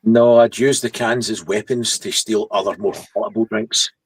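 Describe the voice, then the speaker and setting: A man chatting as a guest on a live stream, making dark deadpan jokes. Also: lowish voice, normal speed. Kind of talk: casual live stream chat.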